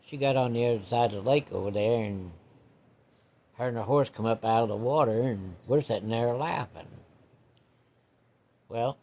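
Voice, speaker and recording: A man's voice: medium pitch, normal speed, vocal fry, pauses often, a little mellow. A man telling a rambling personal story in a folksy, casual way.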